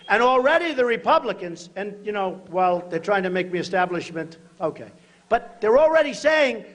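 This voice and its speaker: A man giving a campaign rally speech in a large hall, emphatic and repetitive, often shouting short phrases to the crowd. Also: sits high, slight background noise. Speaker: political candidate at a rally. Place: large hotel event hall, live rally. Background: crowd of supporters.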